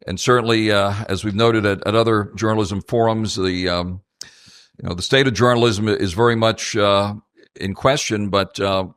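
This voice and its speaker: Male moderator, lowish voice, dry close sound, steady with frequent "uh"s. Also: dry recording. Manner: measured speaker with many fillers. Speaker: panel moderator. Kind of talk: panel talk to students. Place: auditorium event.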